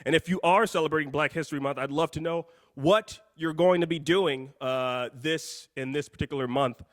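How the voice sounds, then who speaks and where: A man hosting a live call-in show, out of breath, talking in a hyped, jokey, rambling way that swings between loud and soft. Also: fairly high pitch, normal speed, no echo, studio quality.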